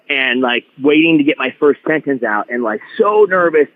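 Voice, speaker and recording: A man guest on a podcast, telling stories in an animated, restart-filled way over a phone-like line. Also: on the high side, moderate pace, few pauses, no echo. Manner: animated storyteller, many restarts. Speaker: guest wrestler. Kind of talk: casual podcast chat.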